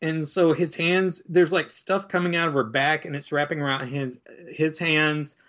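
Rambling man with a slightly high voice. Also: little pitch movement, moderate pace, fairly bright tone, dull audio. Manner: rambling, filler-heavy, acts out quoted lines in different voices. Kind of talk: casual chat recapping a comic book.

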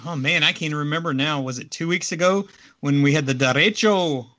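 A man with a bright, forceful voice chats casually on a podcast, telling a rambling story full of pauses and fillers. The sound comes through a video call and is a little dull and lo-fi. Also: fairly high pitch. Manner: rambling, hesitant with many fillers. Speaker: podcast co-host. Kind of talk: casual chat. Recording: slightly dull lo-fi audio.

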